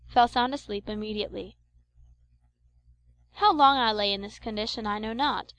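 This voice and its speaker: A woman narrating an adventure novel in a measured, expressive audiobook reading. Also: on the high side, lo-fi sound.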